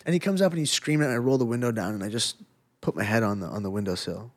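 A middle-aged man in casual conversation, an animated storyteller who swears freely and laughs often. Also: mid-range voice, rapid-fire. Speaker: podcast guest, former fighter.

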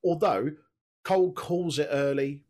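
A man hosting a casual podcast, recapping a wrestling show with lots of swearing and high laughing outbursts, on a desk mic with headphones. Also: a little slow, a little mellow. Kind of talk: casual chat.

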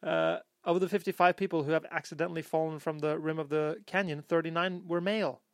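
Dry, slightly high-voiced male podcast host. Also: fairly even intonation, a little fast, gravelly, dry recording. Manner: reads excerpts aloud, jokey. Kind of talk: casual podcast chat.

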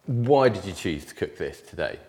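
A man's voice: sits low, very animated, normal speed, a little mellow. A man hosting a podcast, reading a scripted intro and then putting wry, joking questions to a guest. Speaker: podcast host.

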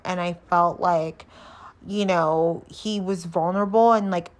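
A young woman telling a storytime tale in a blunt, profane, animated way, with dramatic pauses. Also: mid-range voice. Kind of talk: storytime monologue.

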